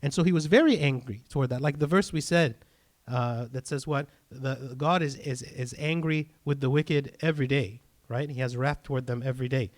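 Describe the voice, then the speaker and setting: A man's voice: mid-range voice, moderate pace. A man, a priest, giving an earnest sermon and checking in often with "right?" and "okay?".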